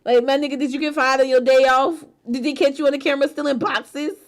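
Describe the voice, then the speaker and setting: A woman's voice: high voice, steady tone, fast. A woman hosting a casual stream chat, laughing often, swearing freely and teasing her friends. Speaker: streamer host.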